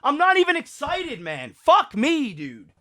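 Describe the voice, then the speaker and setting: Man, podcast host, very high voice, sharp bright tone, profane angry rant, shouting bursts. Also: wildly swooping pitch, a little slow. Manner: profane, exasperated, shouting outbursts. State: worked up and sweating. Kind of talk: ranting show reaction.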